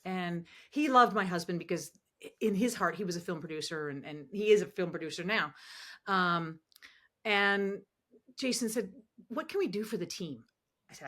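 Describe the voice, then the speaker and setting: A woman telling animated, emotional stories as a podcast guest, acting out the voices she quotes. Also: fairly low pitch, moderate pace. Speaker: podcast guest, ministry founder. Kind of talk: conversational storytelling interview.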